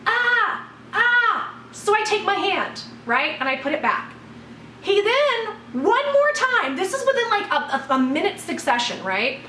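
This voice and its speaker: A woman vlogger telling a personal story in a blunt, expressive way, swearing freely. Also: high voice, far from the mic. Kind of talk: casual storytelling to camera. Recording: roomy echo, voice from off the mic, faint room noise.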